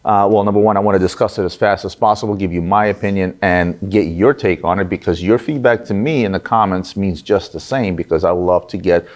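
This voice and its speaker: A man's voice: sits low, fairly quick, few pauses, a little mellow. A man hosting a watch news show, giving his opinions in a conversational way and often asking rhetorical "right?"s. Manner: conversational, asks rhetorical "right?", some fillers.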